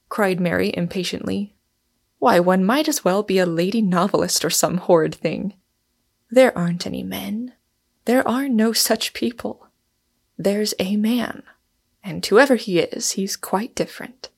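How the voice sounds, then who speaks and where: A cheerful, plain-spoken young wife who answers briskly and with easy heartiness, as a woman reads her lines. The voice has a gravelly texture and sits at the reader's own middle pitch.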